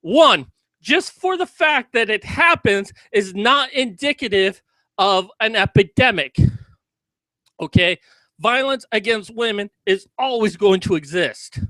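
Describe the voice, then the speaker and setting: A man with a high, sharp voice rants through an angry commentary, swinging between sarcastic explanation and shouted, profane outbursts. The sound is close and dry, with no room around it. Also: animated, measured pace, no echo. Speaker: video commentator.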